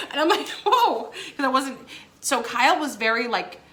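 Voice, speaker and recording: Young woman vlogger, giggly storyteller, higher pitch, bright tone. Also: very animated, moderate pace, slight background noise. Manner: giggly, laughs between phrases, many fillers. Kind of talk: casual storytime chat.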